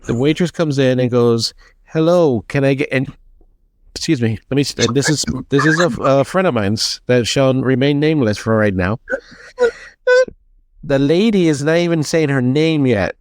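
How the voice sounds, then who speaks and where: A man co-hosting a podcast, chatting casually and telling a story, acting out the people in it with lively changes of voice. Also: mid-range voice, normal speed, no room sound. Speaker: podcast co-host.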